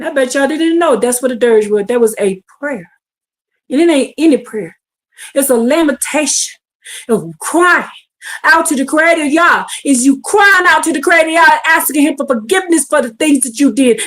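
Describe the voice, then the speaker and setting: Woman w/ aave preaching a bible class, high voice, super lively, slangy, gets shouty. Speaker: bible teacher. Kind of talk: streamed bible class sermon.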